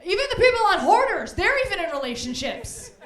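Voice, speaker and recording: A woman's voice: very high voice, very animated, a little fast, crowd noise. A woman performing a stand-up comedy set on a club stage, brash and bawdy, often breaking into mocking voices for the people she quotes. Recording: echoey club room.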